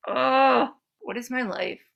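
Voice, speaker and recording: A woman co-hosting a podcast, telling a story in casual chat, animated and swearing freely, acting out the people in it. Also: on the high side, slow, gravelly, dull audio. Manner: animated, swearing, acts out voices in anecdotes. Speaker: podcast co-host.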